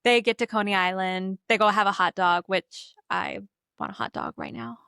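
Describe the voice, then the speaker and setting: A young woman co-hosts a podcast, casually and animatedly recapping a movie and acting out the characters' lines. Her mid-range voice is steady, creaky, bright, forceful, and smooth at normal speed. The recording is clean studio sound with no echo.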